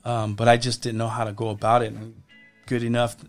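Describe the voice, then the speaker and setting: Halting man telling his testimony. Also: medium pitch, monotone, soft background music. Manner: halting, repeats words while recounting. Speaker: podcast guest. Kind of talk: personal testimony in casual conversation.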